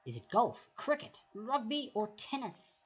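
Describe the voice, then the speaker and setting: A woman's voice: on the high side, big pitch swings, measured pace. Chatty woman hosting a quiz. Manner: chatty, rambling asides, repeats each question. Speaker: trivia quiz host. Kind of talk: casual livestream chat reading quiz questions. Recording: lo-fi stream audio with background music.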